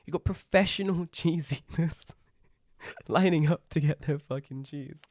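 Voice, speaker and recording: A young man, co-hosting a casual podcast, telling animated stories and swearing freely. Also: fairly high pitch, a little slow, dry recording, clean studio sound. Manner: lively storyteller, swears freely, impersonates friends. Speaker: podcast co-host.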